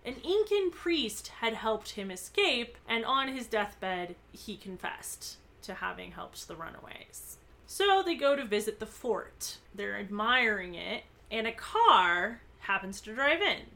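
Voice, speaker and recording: A woman with a bright, high-set voice hosts a relaxed podcast, recapping a book scene by scene. Her pitch swings widely, and she gives the quoted lines extra punch. She breaks into laughter easily. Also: unhurried, few pauses. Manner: reads quoted lines with lively emphasis, laughs often. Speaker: podcast co-host. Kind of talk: casual book recap with commentary.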